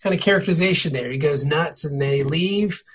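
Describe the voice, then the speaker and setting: A man's voice: a little high, a little fast, a loud crowd. A man co-hosting a podcast in casual, profane, enthusiastic chat, often laughing. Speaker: podcast co-host.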